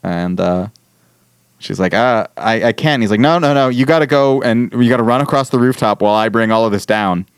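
A man on a casual podcast, retelling a TV episode in animated bursts and quoting the characters as he goes. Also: medium pitch, brisk, clean tone, no room sound, clean studio sound. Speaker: podcast host. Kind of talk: casual chat recapping a TV episode.

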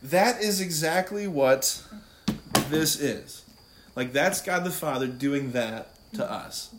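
A man giving an informal Catholic talk, animated and conversational, often laughing and asking "right?". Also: a little high, takes it slowly, background noise. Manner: laughs easily while talking. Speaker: Catholic speaker. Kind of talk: casual faith talk.

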